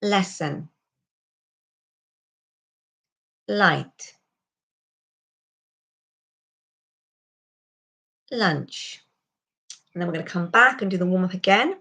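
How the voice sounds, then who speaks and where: A woman giving a pronunciation lesson, calmly explaining and slowly modelling sounds for the listener to repeat. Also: fairly low pitch. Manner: calm, instructive, models sounds slowly for repetition. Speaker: accent coach.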